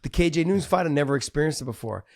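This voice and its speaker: Animated male fight podcast co-host. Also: a little high, racing, gravelly. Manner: animated storyteller, swears freely. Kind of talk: casual chat.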